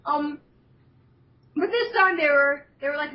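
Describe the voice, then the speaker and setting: A woman's voice: high-pitched, unhurried, far from the mic, slight background noise. A young woman hosting a casual fan chat, rambling through plot recaps and acting out quoted lines. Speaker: show host. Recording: dull lo-fi sound from off the mic.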